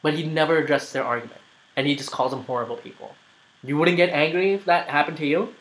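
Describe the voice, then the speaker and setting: A man's voice: on the high side, fast, a bit bright, poor audio. A man commenting on a played video, argumentative and rambling, with many fillers. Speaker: YouTuber making a response video.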